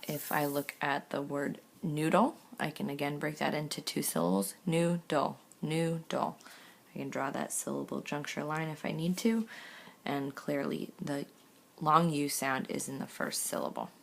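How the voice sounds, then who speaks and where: A woman teacher giving a recorded lesson, reading words clearly one by one and explaining steps patiently. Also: low-pitched, level tone. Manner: slow, clear word-by-word reading; patient step-by-step instruction.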